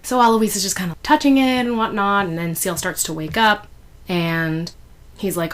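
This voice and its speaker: A woman's voice: medium pitch, normal speed. A woman casually recapping a fan fiction chapter, chatty, with many fillers and giggly asides.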